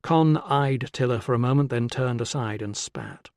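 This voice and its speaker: A man with a medium-pitched voice narrates an audiobook from a script, telling the story in a measured, even way. The recording is a dry, close studio sound with no room sound.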